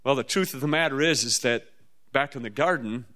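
A man from the Midwestern US, preaching a storytelling sermon in a folksy, animated way with sudden jumps up in pitch. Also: a little fast. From Midwestern US, near the Mississippi River.

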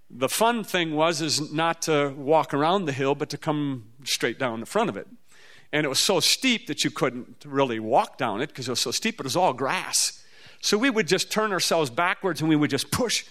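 Preacher, male, from the Midwest, a touch higher voice than most, folksy storyteller who leaps up in pitch for effect. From Midwestern US, near the Mississippi River. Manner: folksy, animated storytelling with sudden high-pitched bursts. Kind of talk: storytelling sermon.

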